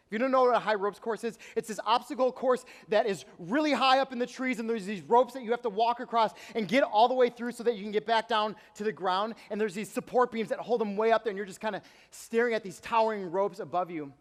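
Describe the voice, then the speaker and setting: A man's voice: high-pitched, fast talker, few pauses. A young man preaching a youth sermon, telling a story animatedly and acting out what people said. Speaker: youth pastor. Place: large church auditorium. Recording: long reverb of a large hall.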